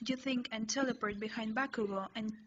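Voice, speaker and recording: A woman reads a second-person fanfiction story aloud in a plain, slightly stumbling way. Her voice sits a little high. The sound is slightly muffled, with a faint hiss from a home recording. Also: steady tone, brisk. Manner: plain reading with small stumbles. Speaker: fanfiction reader.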